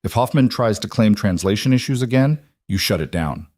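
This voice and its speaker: Male narrator doing a demanding male CEO: curt, commanding, low and dry. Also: expressive, fairly quick, darkish tone, dry recording.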